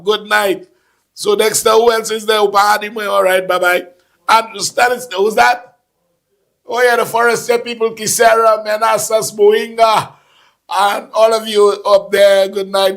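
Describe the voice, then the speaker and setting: A man hosting a casual talk show, animated and laughing, repeating phrases for emphasis. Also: high voice, gravelly. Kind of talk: casual call-in political chat.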